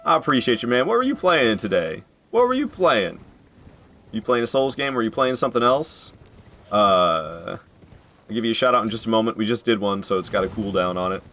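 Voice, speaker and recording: A man's voice: lowish voice, lively intonation, fairly quick, bright, forceful tone. A man chatting casually with his viewers while he streams a video game from home, joking and laughing often. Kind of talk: casual live-stream commentary.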